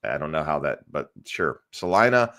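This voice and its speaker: A man's voice: deep voice, brisk, fairly bright tone. A man hosting a live podcast, chatty and upbeat, thanking viewers and reading out their questions. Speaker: podcast host, real estate agent. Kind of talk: casual live-stream hosting.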